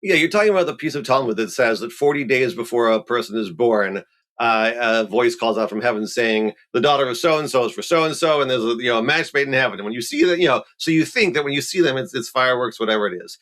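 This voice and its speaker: A middle-aged man from Montreal, a rabbi explaining ideas in a relaxed conversational way, animated and playful with quick asides. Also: medium pitch. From Montreal, Canada. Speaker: rabbi, guest.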